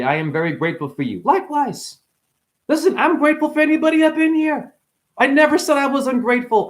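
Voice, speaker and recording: Livestream host, man, high voice with big swings; impassioned, defensive, then conciliatory. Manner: passionate, defensive, swinging between agitated and conciliatory. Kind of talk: heated livestream chat reading comments.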